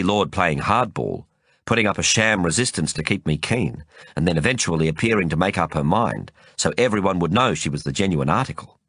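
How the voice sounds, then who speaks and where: A man's voice: low-pitched, a bit bright, husky, no echo, studio quality. A man narrating a first-person novel as an audiobook, telling it expressively.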